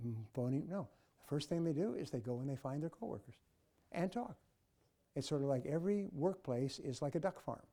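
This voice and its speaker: An older man telling motivational stories, emphatic and animated, mimicking office chatter. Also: a little high, brisk. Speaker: speaker. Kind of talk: motivational storytelling.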